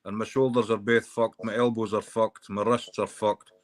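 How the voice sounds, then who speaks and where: A man's voice: on the low side, little pitch movement, normal speed. A middle-aged man hosting a live stream, chatting bluntly and swearing often. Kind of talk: casual live stream chat.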